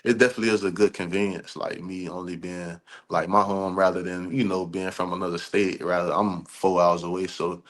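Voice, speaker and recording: A young man, a college football player, answering interview questions in a loose, earnest, conversational way. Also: low-pitched. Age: young adult.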